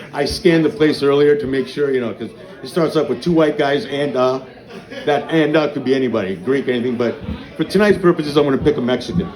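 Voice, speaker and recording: A man's voice: on the high side, darkish tone. A man doing a crude stand-up set at an open mic night in a small bar, telling stories and acting out dialogue. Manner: crude, profane storytelling with acted-out dialogue. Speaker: stand-up comedian. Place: small bar with a live audience. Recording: echoey room, audience noise. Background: crowd reacting.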